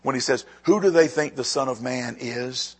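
Raspy-voiced man preaching a sermon. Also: mid-range voice, moderate pace. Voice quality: husky. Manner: dynamic preaching, swinging from quiet to loud. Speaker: pastor.

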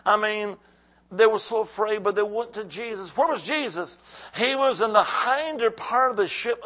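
High-voiced man preaching a fiery sermon. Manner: preaching with call-and-response, swinging from hushed to shouting. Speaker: pastor.

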